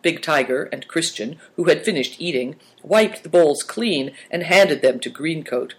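A man narrates a storybook in a measured, even storytelling manner. His voice sits slightly higher than most men's. The reading is steady and unhurried. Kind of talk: audiobook narration.

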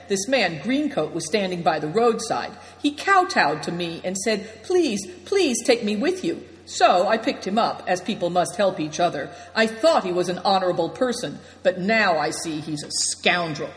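A woman's voice: medium pitch, very animated, moderate pace, few pauses, natural voice. A woman reading the part of a blunt, fiery older man in an audiobook, speaking emphatically. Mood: indignant. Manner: emphatic, exclaiming. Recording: long hall reverb.

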